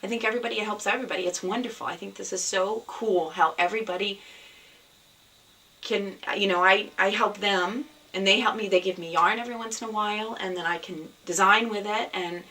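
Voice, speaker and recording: A woman's voice: mid-range voice, brisk, sharp tone, distant mic, rough recording. A woman hosting a knitting podcast, chatting casually at home with lots of ums and restarts. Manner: chatty, rambling, with many fillers and restarts. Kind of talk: casual chat to camera. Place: at home, indoors.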